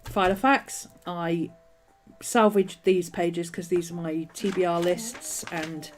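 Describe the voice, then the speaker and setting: A woman with a slightly low voice chats casually through her journals in a home vlog. She rambles and doubles back on her thoughts, and a nagging cough keeps bothering her. Faint music plays quietly behind her. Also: fairly even intonation, slow pace. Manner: chatty, meandering, restarts thoughts often. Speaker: journaling video host.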